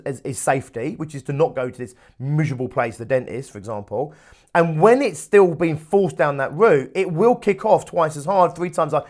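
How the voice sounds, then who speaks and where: A man gives a motivational talk in a fairly high voice. He tells stories emphatically, leaning on repeated phrases, and his pitch often rises and falls for emphasis. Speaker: podcast host.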